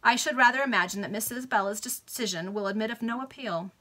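A woman reading aloud, voicing an earnest, melancholy young gentleman in a subdued tone. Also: fairly high pitch, fast.

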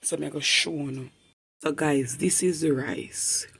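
A man giving an earnest personal testimony, repeating himself and bursting into loud emphatic exclamations. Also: fairly high pitch, steady tone, takes it slowly, vocal fry, slightly rough. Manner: earnest, repetitive storytelling in creole-inflected English. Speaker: vlogger.

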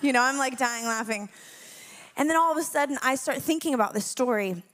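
Higher-voiced young woman, laughing, candid. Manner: chatty and candid, laughing often; hushed and slow in prayer. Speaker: worship leader speaking to a congregation. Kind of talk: spoken prayer and personal story.

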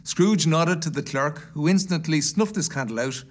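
A man reading a classic story aloud in a measured storytelling manner. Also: a little high. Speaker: guest reader.

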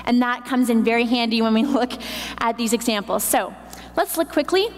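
A woman's voice: a little high, moderate pace. A woman preaching a sermon in a church, teaching with emphatic repetition. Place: church hall. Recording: long hall reverb, faint noise.

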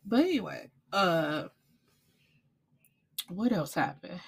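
A woman with a somewhat low voice recaps a novel in a casual chat. She is blunt and profane and tells the plot with animated energy. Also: takes it slowly, gravelly, slightly rough. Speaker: book reviewer.

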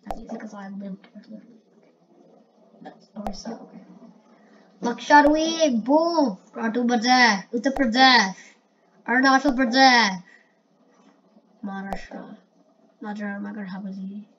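A woman giving casual gameplay commentary, excitable and prone to loud exclamations. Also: a little high, a little slow, pauses often. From India. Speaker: gamer. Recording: muffled lo-fi recording with faint hiss.

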